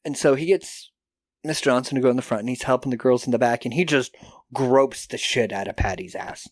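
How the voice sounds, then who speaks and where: A man co-hosting a podcast, casually recapping a film and acting out the characters in quick put-on voices, with a lot of swearing. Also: mid-range voice, dry recording, studio quality. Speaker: podcast co-host.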